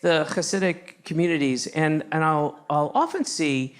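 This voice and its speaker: A man's voice: a little high, unhurried. A man doing stand-up comedy on a stage, chatting with the crowd in a sardonic, teasing way. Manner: sardonic, conversational, teasing the audience. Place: comedy stage in New York.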